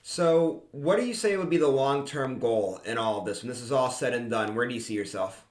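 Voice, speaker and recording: A man's voice: mid-range voice, expressive, brisk, echoey room. A man hosting an interview, asking long run-on questions. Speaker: interview host.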